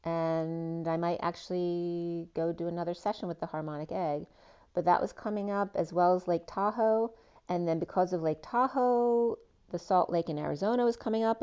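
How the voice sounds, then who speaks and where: Female tarot reader, lower register, meandering associative delivery, muffled lo-fi audio. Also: mellow, smooth. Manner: meandering, associative, with frequent ums and trailing asides. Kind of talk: spiritual tarot reading monologue.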